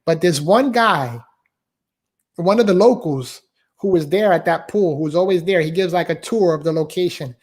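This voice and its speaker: A man's voice: fairly high pitch, moderate pace, a little mellow. A man, a guest author and speaker, telling a personal story in a live online interview, heartfelt, repeating his phrases and often saying "man". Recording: live online talk show.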